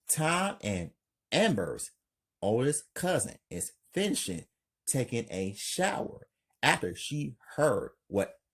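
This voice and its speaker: A man's voice: medium pitch, fairly bright tone, slightly rough. A man narrating an amateur crime story for his channel, reading plainly. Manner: slow, plain reading with hype outro.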